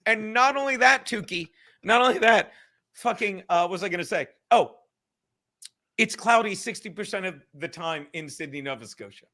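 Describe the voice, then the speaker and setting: Male stream host, high bright voice, profane and rambling. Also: lively intonation, moderate pace. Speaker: livestream host. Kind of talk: livestream chat.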